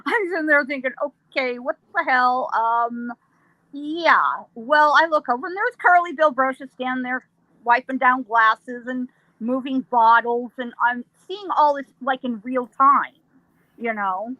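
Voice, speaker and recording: A woman, a psychic guest, telling a ghost story in a lively way, laughing often and acting out sounds. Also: sits high, measured pace, dry recording, lo-fi sound.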